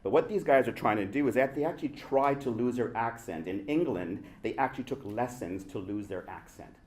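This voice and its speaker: Before a live audience in a festival panel room, a male actor from the Indian subcontinent delivers a prepared, reflective speech, driving his points home with rhetorical questions. He speaks briskly in a mid-range, slightly mellow voice.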